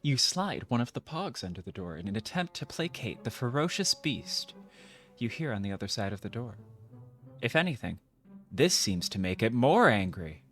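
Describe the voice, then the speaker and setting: A woman playing a video game and reading its text aloud, with playful, jokey, mock-dramatic asides. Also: extremely low pitch.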